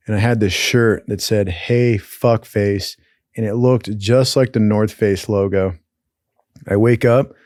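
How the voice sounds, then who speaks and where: A man's voice: fairly low pitch, dry recording, clean studio sound. A young man telling a rowdy story in casual, profane talk, acting out what other people said. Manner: profane, animated, acts out other people's lines. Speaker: podcast host.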